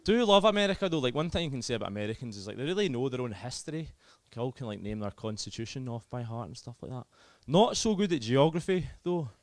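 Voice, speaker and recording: A man's voice: medium pitch, animated, fast, few pauses. A young Scottish man with a Scottish accent performing a self-deprecating, chatty stand-up comedy set. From Scotland.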